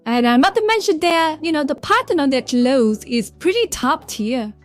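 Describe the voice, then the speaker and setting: High-voiced chatty woman livestreamer. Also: lively intonation, moderate pace. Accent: Vietnamese. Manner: chatty, rambling, reads out chat names. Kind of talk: casual livestream chat. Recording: faint background music.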